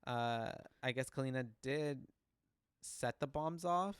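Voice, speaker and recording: A man's voice: medium pitch, slow pace, smooth, no room sound, studio quality. A man co-hosting a casual podcast, recapping at length with fillers and many "mm-hmm"s. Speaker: podcast co-host. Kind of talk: casual chat.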